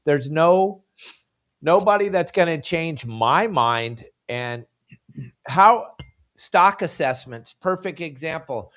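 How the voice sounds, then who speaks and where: A man's voice: a little high, lively intonation, slow pace, fairly bright tone. A man hosting a fishing podcast, ranting with heated, emphatic passion.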